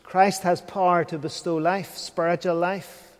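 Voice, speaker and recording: Guy preaching a sermon, pretty high voice, earnest, asks the room lots of questions, long echo like a church hall. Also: level tone, measured pace. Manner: earnest, questioning, drops to a near whisper at times. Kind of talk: evening sermon.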